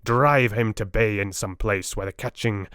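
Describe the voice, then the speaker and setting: A man reading a wise, earnest elderly Dutch professor in an audiobook, speaking in broken, measured English. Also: lowish voice, a bit bright, clear, resonant tone, no echo, clean studio sound, lightly acted. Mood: grave. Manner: broken, foreign-sounding English phrasing, grave and measured.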